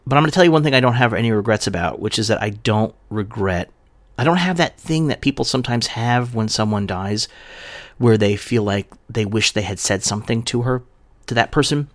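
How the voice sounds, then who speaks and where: A man's voice: on the low side, fairly quick, no echo. Emotional man delivering a heartfelt eulogy. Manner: emotional, heartfelt, voice rising and falling with feeling. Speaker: podcast host. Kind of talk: reading a eulogy, then casual podcast talk.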